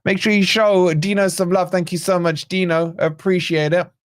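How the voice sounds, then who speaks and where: A man's voice: sits high, flat delivery, normal speed, no echo, studio quality. Laid-back man on a fan stream. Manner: laid-back banter, reads viewer comments aloud. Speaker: host of a football fan channel watch-along. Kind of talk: live match watch-along commentary and chat reading.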